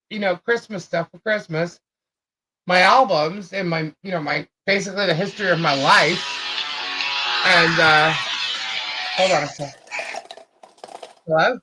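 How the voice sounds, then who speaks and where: A woman at a middle pitch, chatting loosely on a live show. She rambles through her story, circling back and repeating herself, with plenty of ums and uhs. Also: a bit bright, rough recording. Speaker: co-host of a live chat show. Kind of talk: casual storytelling chat.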